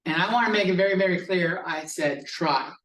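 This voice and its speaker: A man's voice: high-pitched, a little fast, fairly bright tone. A male math professor giving a classroom lecture, explaining step by step in a casual style with some swearing. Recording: echoey classroom from a distance.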